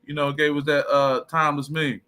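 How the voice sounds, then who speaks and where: A man with a bright, forceful voice that sits a little high, talking through a motivational livestream. He is animated and speaks like a preacher, and he greets viewers by reading out their comments. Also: fairly quick, smooth. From Detroit, USA. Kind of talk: casual motivational talk.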